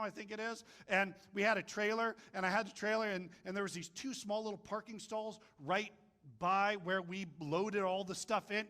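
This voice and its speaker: High bright-voiced joking preacher man. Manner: jokey, animated storytelling with voices. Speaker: pastor. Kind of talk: sermon.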